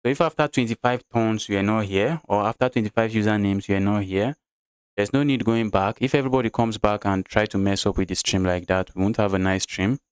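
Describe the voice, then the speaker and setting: Nigerian guy chatting thru his chess games on stream, lowish voice, dry sound. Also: fairly quick, clear, resonant tone, no room sound. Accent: Nigerian English. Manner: chatty, talks through moves and reads chat aloud. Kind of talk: live chess stream commentary.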